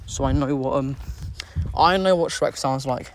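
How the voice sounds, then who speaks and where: A man's voice: medium pitch, moderate pace, a little hiss or hum. A British man chatting casually on a live stream, rambling and repeating himself with lots of fillers, talking into his phone outside on a street. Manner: rambling, repeats phrases, many fillers and restarts. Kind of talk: casual live-stream chat answering viewers. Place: outdoors on a street.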